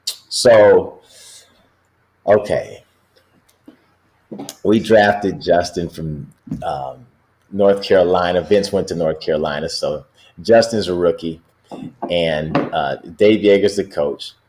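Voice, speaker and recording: A man's voice: low-pitched, slow, pauses often, a little mellow. Middle-aged man telling stories, laughing often. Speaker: guest, basketball coach. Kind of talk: casual storytelling.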